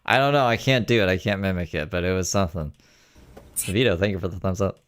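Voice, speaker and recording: Low-voiced male streamer, casual profane commentary, wisecracking. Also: fast, clean tone. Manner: joking, profane, chatty asides. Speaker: streamer reacting to clips.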